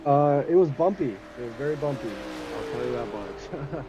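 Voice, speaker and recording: A man's voice: medium pitch, normal speed, background noise. A man interviewed as a sim racing driver, answering in a laid-back, hesitant way.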